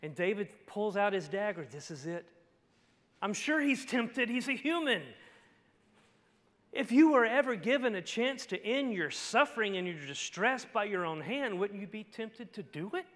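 A male pastor preaching a sermon, telling the story dramatically and swinging from hushed lines to shouts. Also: high voice, animated, moderate pace. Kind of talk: expository sermon. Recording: long hall reverb.

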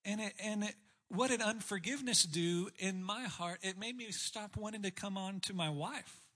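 Male pastor, high bright voice with some breathiness, candid and self-deprecating sermon delivery. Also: moderate pace. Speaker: pastor speaking on marriage.

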